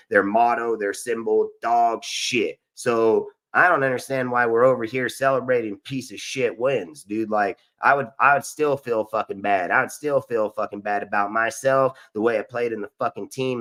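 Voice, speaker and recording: A man's voice: medium pitch, a bit bright. A man hosting a live sports stream, ranting in an aggressive, profane and boastful way. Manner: boastful, repetitive. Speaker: sports show host.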